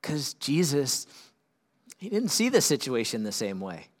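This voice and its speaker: A man preaching a sermon as pastor, swinging from loud, urgent peaks down to quiet, earnest lows. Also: huge pitch swings, unhurried.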